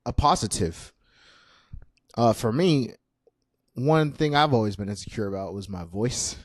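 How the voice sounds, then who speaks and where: A man's voice: medium pitch, no room sound, clean studio sound. A young man in his twenties hosting a casual solo podcast, chatty and self-deprecating with lots of fillers. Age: 20s. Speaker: podcast host.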